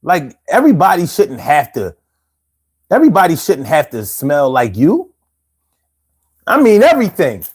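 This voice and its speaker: Animated man telling slangy stories. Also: on the high side, normal speed, long pauses, breathy edge. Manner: animated, slangy storytelling, laughs often. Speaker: show host. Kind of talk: casual chat on a live show.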